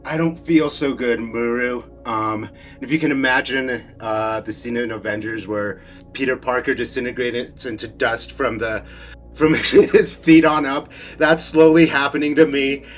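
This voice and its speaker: A man describing his tabletop character's dramatic end in a slow storytelling manner. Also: medium pitch, little pitch movement, a bit bright, soft background music. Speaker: player. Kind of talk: in-character narration of his death.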